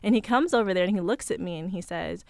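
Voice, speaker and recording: A young woman in her twenties, a radio studio guest telling her own story in a calm, measured way. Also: fairly low pitch, creaky, dry recording. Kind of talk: recounting a personal story on radio. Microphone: studio microphone.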